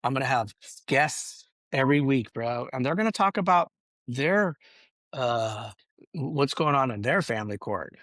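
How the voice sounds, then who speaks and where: A man's voice: on the high side, bright, forceful tone, no room sound. A middle-aged man hosting a solo podcast, ranting emotionally, swearing and saying "bro" in nearly every sentence as he rambles and restarts. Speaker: podcast host.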